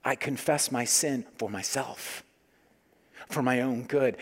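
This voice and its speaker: A man in his forties preaching a sermon as pastor, earnest, moving between loud emphasis and quiet hushed asides. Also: medium pitch, slow, breathy edge. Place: church sanctuary. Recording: long hall reverb.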